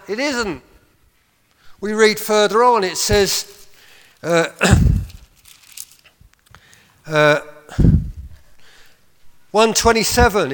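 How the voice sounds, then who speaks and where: A man's voice: high-pitched, fairly bright tone, clean tone. A man preaching a sermon as pastor, with impassioned appeals and short laughs between his points. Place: church hall. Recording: long hall reverb.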